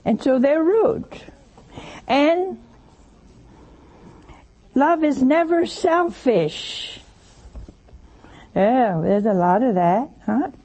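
Gravelly older woman preaching folksy. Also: sits high, animated, drawn-out words, pauses often, mellow. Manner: folksy, teasing, asks listeners questions. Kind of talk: sermon.

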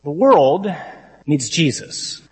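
Husky priest speaking in a reverberant hall. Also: male voice, on the high side, slow. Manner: lively, mimics stuffy readings. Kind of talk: conference talk.

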